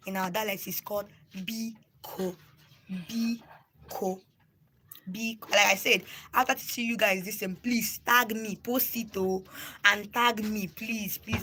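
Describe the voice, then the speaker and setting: A woman's voice: mid-range voice, fairly even intonation, a little slow, background noise. A young Nigerian woman, a native Igbo speaker, teaching words on a phone live stream, repeating and spelling each word out and urging viewers to write them down. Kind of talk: casual live lesson.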